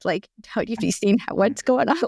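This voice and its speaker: Animated middle-aged woman telling a story. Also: medium pitch, vocal fry, slightly rough, no room sound, studio quality. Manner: animated and chatty, many fillers and restarts. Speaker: guest. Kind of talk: casual storytelling in conversation.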